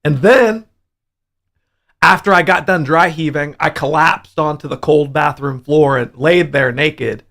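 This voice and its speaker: A young man hosting a casual livestream, telling a profane, animated story about his hangover. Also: a little high, measured pace. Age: young adult. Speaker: livestream host.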